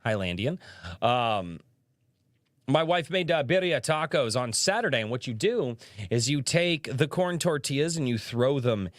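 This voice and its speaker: A man's voice: medium pitch, lively intonation, measured pace, no room sound. Chatty man hosting a dry livestream. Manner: chatty storyteller, reads chat aloud. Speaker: livestream podcast host. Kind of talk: casual livestream chat.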